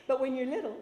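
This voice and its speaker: A woman's voice: high voice, heavy background noise. Woman in an echoey one-woman stage monologue. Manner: wry, storytelling, laughing. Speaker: stage performer telling her life story. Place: theatre stage.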